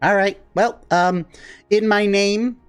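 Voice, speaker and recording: A man doing a chummy bear-faced demon who runs a cult, talking loose and easygoing in a tabletop game, his voice sitting a little high. Faint music plays behind him. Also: steady tone, takes it slowly, clean tone. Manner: casual, easygoing, recruiting with a shrug. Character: laid-back male bear-faced demon cult leader. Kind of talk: tabletop role-play.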